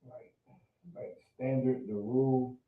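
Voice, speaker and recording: A man's voice: mid-range voice, fairly even intonation. A man in a Bible class gropes for answers, hesitating and filling gaps with fillers. He is picked up from across the room, and his voice sounds thin and phone-like, with an echo. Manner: hesitant, halting, many fillers. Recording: distant, tinny, echoey room recording.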